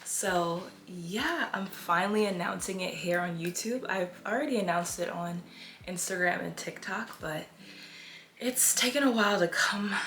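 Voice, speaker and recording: A woman's voice: on the low side, fairly bright tone, slight background noise. Young female vlogger, breathless, casual chatty delivery, roomy echo. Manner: chatty, with long pauses. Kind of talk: casual vlog chat.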